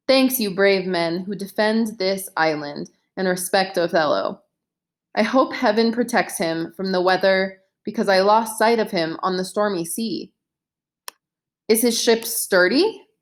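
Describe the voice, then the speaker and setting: Woman, audiobook narration, slow pace, measured, light voicing of characters. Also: medium pitch. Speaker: narrator reading a modern retelling of a play.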